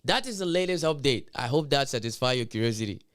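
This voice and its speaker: A man's voice: medium pitch, animated, quick pace, a bit bright, clear, resonant tone. A man streaming live, hosting a blunt, profane commentary rant with emphatic delivery.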